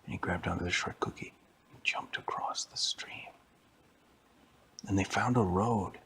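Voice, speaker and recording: A man telling an improvised bedtime story to a child, in a hushed, half-whispered voice. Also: low-pitched, a little slow.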